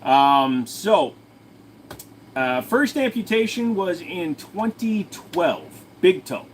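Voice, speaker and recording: A man's voice: sits high, sing-song, takes it slowly, a little hiss or hum. A man hosting his own channel, answering viewer questions in a rambling, crude, joking way. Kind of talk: casual livestream Q&A chat.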